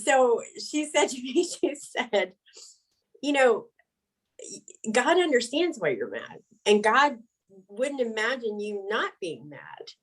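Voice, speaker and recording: A middle-aged woman, an interview guest, telling her story candidly, frank and animated, laughing between words. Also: a little high, slow, low-quality recording.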